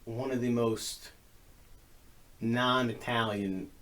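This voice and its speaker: A man's voice: mid-range voice, steady tone, slow pace, fairly bright tone. A man in his twenties co-hosting a podcast, chatting casually and telling rambling, laid-back stories. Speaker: podcast co-host. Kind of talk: casual chat.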